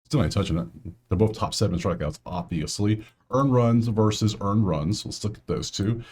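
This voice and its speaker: A man's voice: on the low side, moderate pace, darkish tone, slightly rough. A man hosting a casual solo sports betting breakdown, talking straight to players and viewers with grumbling asides.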